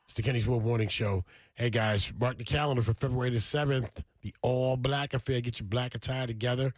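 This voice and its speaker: A man hosting a morning radio show from a studio, with energetic, hype announcer delivery. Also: medium pitch, brisk, dry recording. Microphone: studio microphone.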